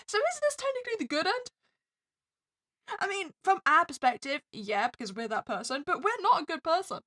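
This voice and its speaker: High-voiced woman streamer, chatty and wry. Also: very animated, a little fast, bright, forceful tone. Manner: chatty, wry, asides to herself. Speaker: let's play streamer. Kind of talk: casual gameplay commentary and reading game text aloud. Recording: faint background music.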